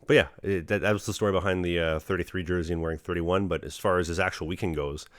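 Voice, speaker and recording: A young man talking quickly and earnestly on his own podcast, full of fillers and motivational asides. His voice sits low and the close microphone leaves it dry, with no room sound at all. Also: steady tone, no room sound. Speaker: podcast host, hockey goalie. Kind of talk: casual podcast chat.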